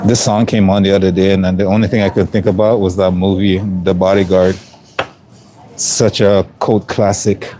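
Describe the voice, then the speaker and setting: A man's voice: low-pitched, normal speed. A man hosting a casual livestream, greeting viewers one by one and musing aloud, stalling with long strings of filler sounds. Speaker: livestream host. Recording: steady background ambience noise.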